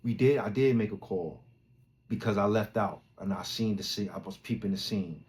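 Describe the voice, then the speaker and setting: A man from Brooklyn, hosting a podcast and telling a story in a casual, slang-heavy way, acting out loud quotes as he goes. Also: fairly low pitch, moderate pace. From Brooklyn, New York. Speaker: podcast host.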